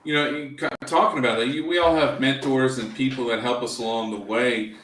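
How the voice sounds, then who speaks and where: A casual, enthusiastic male host asks his guest questions in a relaxed, friendly tone. He sounds roomy and set back from the mic, with a faint hiss underneath. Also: mid-range voice, fairly quick. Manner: enthusiastic, casual, says "man" a lot. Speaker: podcast host. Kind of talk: interview conversation. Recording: roomy, distant mic with faint background noise.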